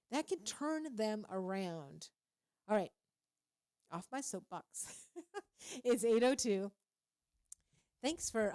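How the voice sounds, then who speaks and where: At the studio microphone of her radio show, a woman with a medium-pitched, darkish voice talks casually about faith. She's animated and a bit preachy, laughing frequently.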